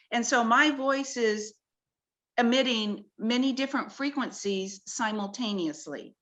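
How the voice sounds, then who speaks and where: Female guest, clear and slightly high, earnest and awed as she walks through slides. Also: unhurried, fairly bright tone. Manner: earnest, wonder-filled explaining. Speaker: guest presenting her research. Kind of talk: explanatory talk-show conversation with slides.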